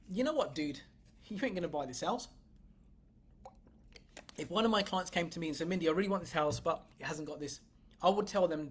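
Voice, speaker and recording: Lowish and slightly rough, the voice belongs to a woman business coach giving a motivational livestream. She's emphatic and blunt, swears freely, and talks straight to the people watching.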